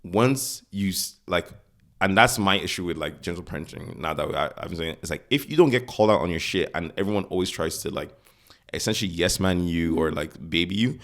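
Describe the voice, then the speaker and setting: A man's voice: low voice, fairly quick. A man co-hosting a podcast, chatting bluntly and acting out quoted voices. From Nigeria. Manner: blunt, animated, acts out quotes. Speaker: podcast co-host. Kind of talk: casual chat.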